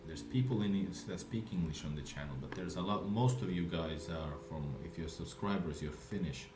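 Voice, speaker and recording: A man from Latvia whose first language is Russian, chatting haltingly on a live outdoor stream and mixing in Finnish. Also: deep voice, reverberant, background noise. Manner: halting, restarts often, switches between English and Finnish. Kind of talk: casual live stream chat. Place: outdoors in the city.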